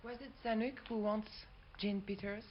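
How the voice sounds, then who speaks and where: A woman interviewer asks short, soft questions from off-mic. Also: mid-range voice, fairly even intonation, moderate pace, highs cut off.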